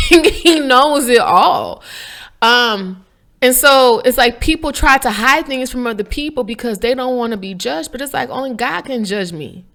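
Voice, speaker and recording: A woman, talking to viewers in a casual inspirational vlog, animated and preachy with a playful streak. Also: fairly high pitch, normal speed. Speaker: faith vlogger. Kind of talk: casual inspirational talk to camera.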